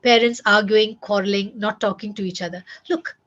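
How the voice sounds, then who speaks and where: Woman, parenting coach, earnest and emphatic, mid-pitched, slightly muffled recording. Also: steady tone, normal speed, fairly bright tone. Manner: earnest and emphatic, repeats key words, addresses listeners directly. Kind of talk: advice talk to parents.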